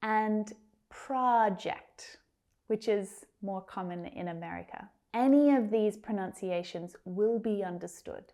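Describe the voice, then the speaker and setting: A woman with an Australian accent, a mid-range dark-toned voice, normal speed and few pauses, teaches English pronunciation in a scripted lesson. She enunciates single words clearly and carefully, speaking encouragingly right to her learners.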